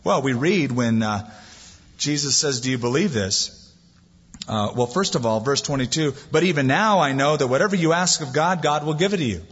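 A man preaching a sermon, animated as he acts out the voices in the story. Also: on the high side, normal speed, slightly rough. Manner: lively preaching, acting out quoted voices. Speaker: pastor. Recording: dull lo-fi sound, long hall reverb.

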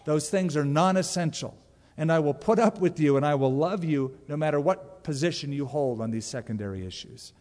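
A man's voice: a little high, a little fast, a little mellow, long reverb tail. A man preaching a sermon as pastor, emphatic and conversational, with direct asides to the congregation.

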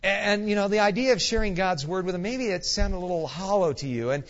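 A male guest pastor preaching a sermon, an animated, earnest storyteller with folksy asides. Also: high voice, a little fast. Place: church sanctuary. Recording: dull echoey church hall recording.

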